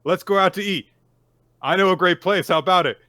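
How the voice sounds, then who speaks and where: A man voicing an excitable, easily upset young man who shouts his lines. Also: sits high, a little fast, no room sound, studio quality, voice pushed up. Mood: pleading.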